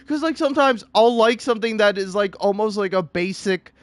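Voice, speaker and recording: A man ranting in a comedic way, exasperated and theatrical, swinging between shouting and muttering. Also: high voice, moderate pace, few pauses, no echo. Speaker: online video creator. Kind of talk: comedic rant.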